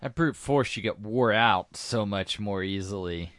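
A man co-hosting a podcast, chatting casually about a movie in a relaxed way, thinking aloud. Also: on the low side, a little slow, no room sound, clean studio sound. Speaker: podcast co-host.

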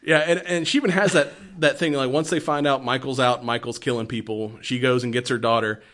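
A man's voice: mid-range voice, steady tone, fairly quick, fairly bright tone. Laughing, swearing man in casual chat. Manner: rambling retelling, laughs often, swears freely.

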